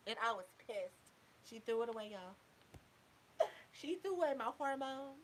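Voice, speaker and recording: A woman's voice: a little high, animated, moderate pace, long pauses, a little hiss or hum, rough recording. A young adult woman host telling a personal story in a candid, profane, casual way, often turning to her listeners.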